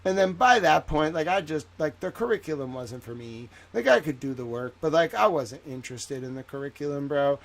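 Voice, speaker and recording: A man's voice: fairly high pitch, lively intonation, brisk, hardly any pauses. A man hosting a livestream, chatting casually in a rambling, profane way with lots of fillers. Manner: rambling, profane, heavy use of "like". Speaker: livestream host.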